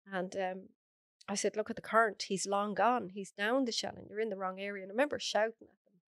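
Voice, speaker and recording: A woman's voice: medium pitch, fairly even intonation, fairly quick, no room sound. An Irish woman, a podcast guest, earnestly recounting a personal story in close detail. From Ireland.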